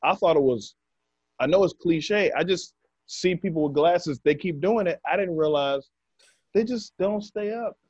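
A man's voice: a little high, measured pace, a little mellow, breathy edge. A middle-aged man in casual chat, joking and laughing often with profane slang. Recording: dull lo-fi sound, dry.

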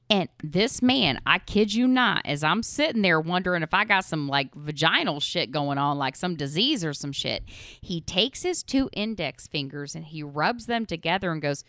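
A woman's voice: deep voice, animated, normal speed, gravelly, fairly bright tone, no echo, clean studio sound. A woman in her forties hosting a podcast, telling crude comic stories and laughing often. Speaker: podcast host. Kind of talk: casual comedic storytelling.

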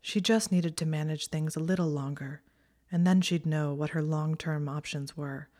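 A woman narrating a story aloud in a steady, even manner. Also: low-pitched, normal speed. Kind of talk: audiobook narration of fan fiction.

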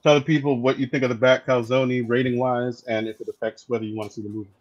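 A man's voice: medium pitch, little pitch movement, fast talker, muffled recording. A man hosting a casual podcast, laughing often and prompting his co-hosts for ratings. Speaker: podcast host. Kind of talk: casual chat.

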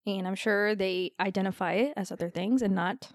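A woman's voice: medium pitch, moderate pace, no echo. A woman co-hosting a podcast, making dry, wry remarks in casual chat. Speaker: podcast co-host.

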